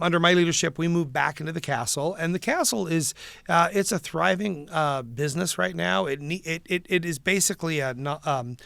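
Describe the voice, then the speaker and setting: Gravelly-voiced man in earnest chat. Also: fairly high pitch, a bit bright, no room sound. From not from the local city. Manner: earnest, enthusiastic, rambling with restarts. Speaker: guest, preservation nonprofit president. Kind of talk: casual interview chat.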